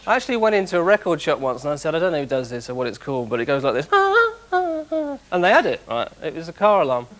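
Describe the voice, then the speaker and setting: A man doing a stand-up routine as the show's host. His patter is chatty, full of asides to the crowd, and his voice sits a touch high. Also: expressive, rapid-fire. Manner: chatty, quips, asides to audience. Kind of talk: stand-up routine to a live audience.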